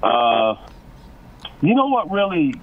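A man calling into a sports radio show, ranting excitably and stumbling over repeated words. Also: a little high, slow pace, phone-quality sound. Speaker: caller.

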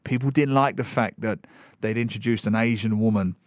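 A man in his forties, a radio guest, talks films in a casual, animated and sarcastic way with mocking asides, on a studio microphone. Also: on the low side, brisk, no room sound. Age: 40s. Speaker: radio guest and film commentator.

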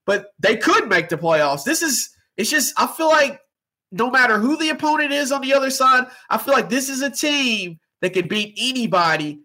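A man's voice: very high voice, lively intonation, moderate pace, pushed and bright. A man co-hosting a casual sports podcast, joking around with frequent restarts. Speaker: podcast co-host.

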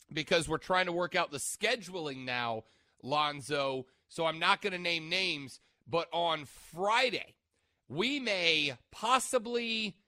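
Male sports radio host, bright and a touch high, chatty and rambling, dry close mic. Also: no echo. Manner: chatty, rambling, stops mid-sentence to check notes. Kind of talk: casual sports radio chat. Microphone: studio microphone.

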